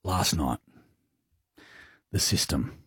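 A man's voice: rumbling low, slow, a bit bright, slightly rough, no echo, clean studio sound. A man with an Australian accent, a radio host rambling through a story in casual, crude, self-deprecating banter. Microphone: studio microphone.

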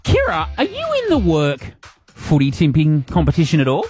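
A man's voice: on the high side, wildly swooping pitch, moderate pace, a little mellow, soft background music. A man with an Australian accent hosting breakfast radio, chatty and upbeat with lots of fillers. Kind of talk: casual radio banter.

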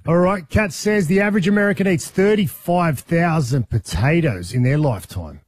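A man's voice: a little high, animated, moderate pace, slightly rough, dry recording, studio quality. A man hosting a breakfast radio show, joking and telling stories in casual banter. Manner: joking, storytelling. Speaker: radio host.

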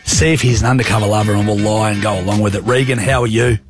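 Jokey Australian radio host. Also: male voice, on the low side, fairly even intonation, fast, over music. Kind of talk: casual radio banter. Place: radio studio.

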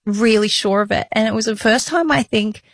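A woman's voice: on the high side, a little fast, no room sound, clean studio sound. Candid woman in her late thirties. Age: 30s. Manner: candid, emotional, laughs often. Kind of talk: casual chat.

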